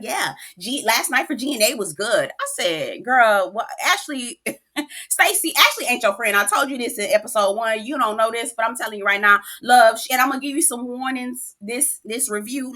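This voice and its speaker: A woman giving a casual, sassy recap of a reality show, acting out the cast's lines and laughing often. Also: medium pitch. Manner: animated and sassy, acts out quotes, laughs often.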